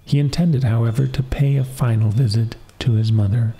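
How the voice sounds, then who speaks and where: Man reading a bedtime fairy tale, gravelly and mellow, calm. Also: medium pitch, moderate pace. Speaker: storyteller. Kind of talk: soft-spoken bedtime story reading.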